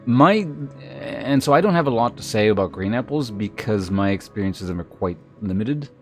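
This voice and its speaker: A man's voice: on the low side, lively intonation, normal speed, a little mellow, faint music behind. A man streaming, chatting casually with his viewers in a rambling way, with many restarts and filler words. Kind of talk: casual chat with live viewers.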